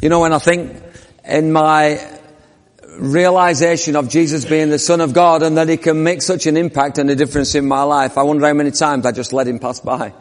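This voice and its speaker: A man's voice: on the high side, fairly even intonation, a little fast. A man preaching a sermon, telling the story vividly and asking the congregation questions. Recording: long reverb of a church hall.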